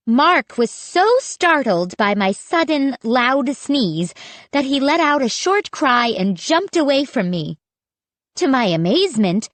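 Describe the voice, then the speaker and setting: A woman reading a spooky children's audiobook in measured, suspenseful scripted narration. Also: on the high side, dry recording.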